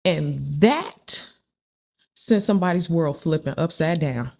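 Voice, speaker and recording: A woman's voice: low-pitched, expressive, slow, darkish tone. A woman giving a casual spiritual tarot reading, chatty and repetitive, often acting out the people she describes. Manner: chatty, repeats phrases, acts out quoted people. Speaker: tarot reader.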